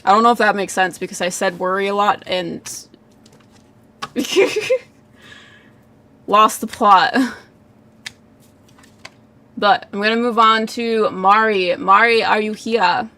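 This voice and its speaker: A woman's voice: medium pitch, steady tone, slow, long pauses, bright, forceful tone. A woman giving live psychic readings in a casual livestream chat, full of "like" fillers, frequent laughs and casual swearing.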